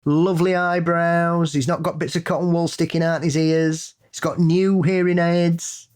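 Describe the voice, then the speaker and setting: A man co-hosting a podcast, chatting casually in a blunt, sweary, opinionated way that builds into animated rants. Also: on the high side, moderate pace, clean tone. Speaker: podcast co-host. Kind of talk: casual chat.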